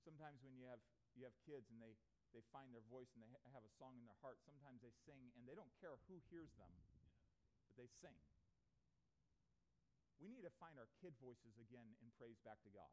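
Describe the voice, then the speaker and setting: A pastor preaching an earnest sermon to a congregation, full of rhetorical questions. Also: male voice, mid-range voice, brisk, a little mellow. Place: church before a congregation.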